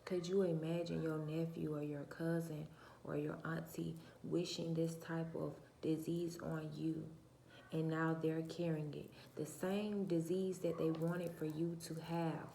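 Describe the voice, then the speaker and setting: A woman with a low, gravelly, cracking voice gives a preachy vlog monologue, asking her viewers one rhetorical question after another. She is soft-spoken by nature, and her mellow, fry-edged tone sits a little low for a woman. The room sounds roomy, with faint noise behind her. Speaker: channel host. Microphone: phone or camera mic, her own mic uncharged.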